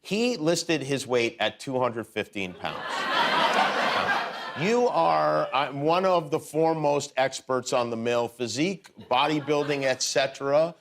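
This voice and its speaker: A man hosting an interview, asking questions in a relaxed, joking way and laughing easily. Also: mid-range voice, measured pace, very noisy. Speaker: interviewer host. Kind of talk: casual interview.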